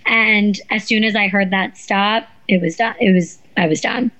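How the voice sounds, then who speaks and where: A woman guest telling a story in a casual interview, animated and swearing, acting out what people said. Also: mid-range voice, normal speed, low-quality recording. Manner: animated, swearing, acts out quotes. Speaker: guest, former reality show contestant.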